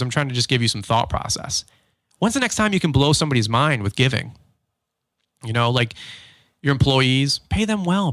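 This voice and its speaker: A man's voice: medium pitch, dry recording. A man hosting a podcast, talking casually in a loose monologue and acting out quotes as he tells stories. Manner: animated storytelling, acts out quotes; frequent fillers and restarts. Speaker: podcast host.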